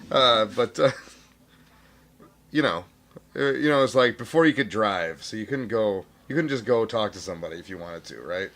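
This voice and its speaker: A man's voice: on the low side, animated, moderate pace, fairly bright tone. A man co-hosting a podcast, bantering in casual chat and often laughing. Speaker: podcast co-host.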